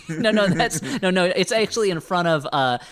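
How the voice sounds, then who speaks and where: A man's voice: high voice, animated, moderate pace, a bit bright. A man from New Jersey co-hosting a comedy podcast, joking in rambling tangents. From New Jersey, USA. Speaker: podcast co-host. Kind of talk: casual comedic chat.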